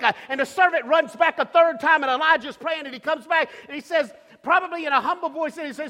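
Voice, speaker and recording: A male preacher delivering a sermon, emphatic and repetitive, building to shouts, in a church with long reverb. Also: very high voice, fast, hardly any pauses.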